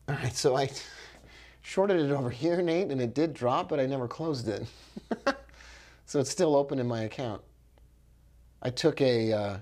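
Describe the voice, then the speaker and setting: A man's voice: medium pitch, a little mellow. A man giving live trading commentary, thinking aloud with upbeat exclamations and talking to viewers by name. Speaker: forex trader.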